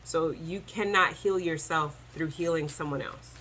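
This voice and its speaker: A woman doing a chatty, animated tarot reading to camera, talking straight to her viewers as y'all. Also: low voice, unhurried, very noisy. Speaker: tarot reader.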